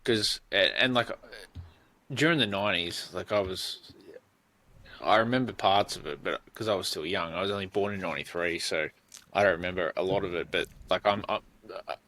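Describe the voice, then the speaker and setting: Deep-voiced and sharp in tone, an Australian podcast co-host in his thirties talks at a moderate pace. The chat is casual, full of rambling stories and free swearing.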